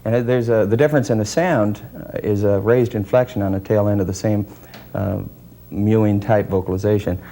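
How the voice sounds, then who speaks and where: A man being interviewed as a deer calling expert, explaining in a measured, technical way with frequent pauses and hesitations. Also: on the low side, steady tone, dark tone.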